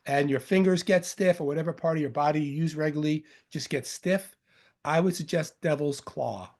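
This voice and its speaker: In a fairly high-pitched, darkish voice, a man with a faint Long Island accent lectures casually on medicinal herbs. He's from Long Island, New York, and his delivery rambles, with jokes, fillers, and corrections as he goes.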